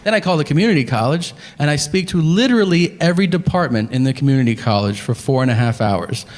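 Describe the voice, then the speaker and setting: Exasperated man doing stand-up, lively pitch. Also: fast. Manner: deadpan, exasperated, acts out dialogue. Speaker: stand-up comedian. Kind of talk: stand-up storytelling. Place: comedy theater stage. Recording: live theater hall with faint ambience. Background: audience laughter.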